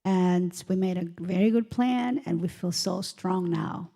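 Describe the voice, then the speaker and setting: A woman from the congregation speaking at the podium, gentle and hesitant, grateful, with many pauses and ums. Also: fairly low pitch, gravelly. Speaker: congregation member. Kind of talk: testimony at the podium.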